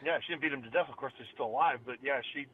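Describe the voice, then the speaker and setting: A man's voice: medium pitch, rapid-fire, breathy edge. A middle-aged father co-hosting a casual podcast, chatty and teasing, laughing often. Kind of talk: casual chat. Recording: tinny phone-like line.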